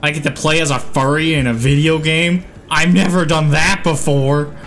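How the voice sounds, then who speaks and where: A man giving gameplay commentary, excitable, yelping and swearing at the game. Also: on the high side, normal speed, music in the background. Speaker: gaming channel host.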